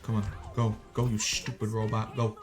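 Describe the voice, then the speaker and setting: An Australian man chatting casually while streaming a game, joking with viewers and breaking into sudden excited yelps. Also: on the low side, normal speed.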